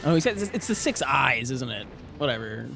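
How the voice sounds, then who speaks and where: A man streaming a game, chatting casually with viewers in a joking way, dropping to mumbles and jumping up to high-pitched yelps as he laughs along. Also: very animated, fairly quick, creaky, sharp tone, soft background music. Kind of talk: casual livestream chat while gaming.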